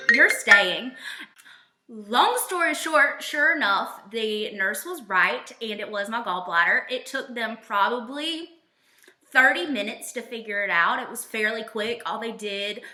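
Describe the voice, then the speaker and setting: A young woman telling a personal story in a casual, animated way, acting out the quoted lines. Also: moderate pace, roomy sound, heavy background noise. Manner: animated, voices quotes with big jumps in pitch.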